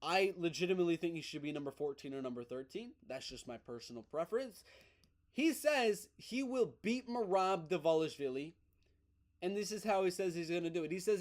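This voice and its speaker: Guy with a pretty high voice riffing on fight news, fired up, keeps repeating stuff. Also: brisk. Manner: excited, emphatic, repeats himself. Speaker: MMA news host. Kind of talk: casual opinionated commentary.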